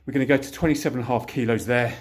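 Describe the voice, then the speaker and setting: A man's voice: medium pitch, fairly even intonation, very fast. Middle aged guy chatting through a workout, breathless, a bit far from the cam, echoey room. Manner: chatty, breezy, mild swearing. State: out of breath between sets. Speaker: fitness vlogger. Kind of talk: casual workout vlog. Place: home gym at dusk. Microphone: camera set up at a distance. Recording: roomy sound from a distant camera.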